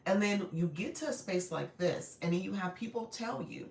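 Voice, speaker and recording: Raspy-voiced woman hosting a live stream. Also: medium pitch, lively intonation, normal speed, hardly any pauses. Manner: warm, encouraging, greets viewers often. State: voice a little strained. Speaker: live-stream host and coach. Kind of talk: casual live-stream chat. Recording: echoey room.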